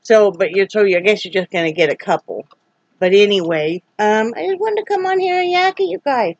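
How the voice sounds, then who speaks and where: A woman's voice: medium pitch, lively intonation, a little fast, darkish tone, dry recording. Woman from Iowa, casual rambling home vlogger, slightly dull lo-fi sound. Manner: chatty, rambling, scolds her dogs. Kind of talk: casual chat to camera.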